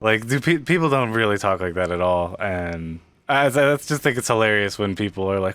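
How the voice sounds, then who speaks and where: A man's voice: fairly low pitch, expressive, a little fast, few pauses, fairly bright tone, no echo. An American man hosting a podcast in casual chat, enthusiastic and swearing freely, with a lot of filler words. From United States. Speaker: podcast host.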